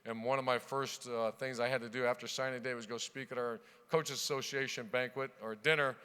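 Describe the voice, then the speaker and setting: A middle-aged man from Ohio giving a keynote speech, telling punchy anecdotes from the podium with loud bursts when he starts a new chapter. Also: medium pitch, steady tone, a little fast, clear, resonant tone. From Ohio, USA. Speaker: keynote speaker, football coach. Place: large banquet hall. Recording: long reverb of a large hall.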